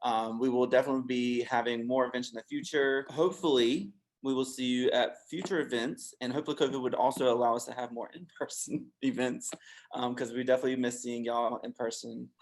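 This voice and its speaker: Man, mid-pitch, relaxed, lots of ums, hosting a video call panel. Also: brisk, slight background noise. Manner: relaxed, filler-heavy, appreciative. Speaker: panel moderator. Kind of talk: casual online panel hosting.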